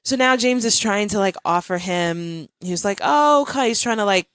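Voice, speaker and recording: A woman's voice: medium pitch, moderate pace, fairly bright tone, slight background noise. A woman in her thirties hosting a podcast, telling a family story in casual chat with bursts of animation and laughter. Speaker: podcast host.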